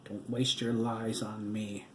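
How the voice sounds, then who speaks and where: A man's voice: lowish voice, little pitch movement, slow, roomy sound, a little hiss or hum. A man doing a cold, stern ghost husband. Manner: stern, mocking, unforgiving.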